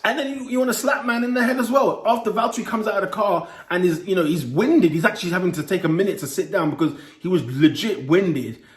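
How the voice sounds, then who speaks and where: A young man giving a lively, exclaiming solo review and playfully scolding as he goes. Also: sits high, quick pace, few pauses. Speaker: motorsport commentator vlogger. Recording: echoey room.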